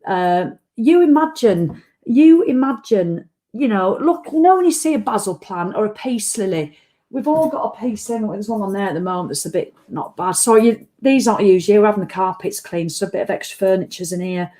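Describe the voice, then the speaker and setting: A tired woman hosts a casual live-stream chat, talking bluntly and swearing freely. Her voice has a mellow, dark tone that sits in the middle of a woman's range. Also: medium pitch, animated, fast. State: tired after a run. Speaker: vlog host.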